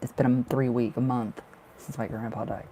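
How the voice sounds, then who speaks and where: A man's voice: medium pitch, level tone, moderate pace, dark tone, slight background noise. A man giving live tarot readings on a stream, chatty and reassuring, full of fillers and emotion. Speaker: tarot reader.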